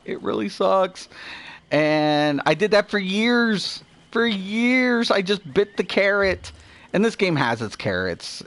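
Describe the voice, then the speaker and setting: A man's voice: mid-range voice, fairly bright tone. Rambling, profane man talking games. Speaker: gaming video host. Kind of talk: casual gameplay commentary.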